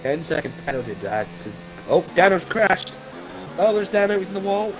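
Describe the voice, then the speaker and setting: Hoarse, excitable male race commentator. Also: high voice, fairly quick, music in the background. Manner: excitable, frequent startled exclamations. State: strained, fading voice with coughs. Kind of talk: live sim racing commentary. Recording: noisy stream audio with engine sound.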